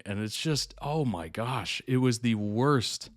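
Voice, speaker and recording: A man's voice: medium pitch, slow pace, hardly any pauses, no echo. Chatty man with a dry close mic. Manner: chatty storyteller, chuckles often, quotes people in animated voices. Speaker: reaction video host. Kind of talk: casual chat recounting a reality show.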